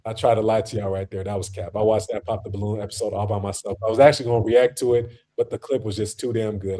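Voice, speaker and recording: A man's voice: on the low side, steady tone, fast talker, hardly any pauses, warm tone. A man hosting a livestream, arguing bluntly and telling stories in slangy casual talk, acting out quotes. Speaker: livestream host. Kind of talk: casual streamed debate talk.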